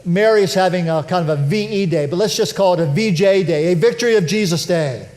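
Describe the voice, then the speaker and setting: A man with a notably high voice preaching a sermon in a church sanctuary. He talks in a conversational, animated way and pokes fun at himself. His pitch swings up sharply when he acts out a scene. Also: brisk. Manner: conversational, animated preaching with self-deprecating humor. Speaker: pastor.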